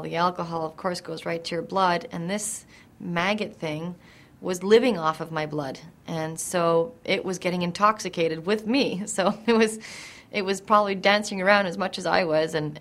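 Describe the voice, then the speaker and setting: A young woman telling a personal story straight to the camera, in a vivid and animated way. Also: lowish voice. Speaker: interviewee.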